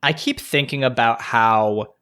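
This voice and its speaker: A man co-hosts a casual podcast, retelling events in a loose, rambling way with plenty of fillers. His voice has a bright, forward tone. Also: medium pitch, measured pace. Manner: relaxed storytelling, many fillers and restarts. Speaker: podcast co-host. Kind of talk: casual chat.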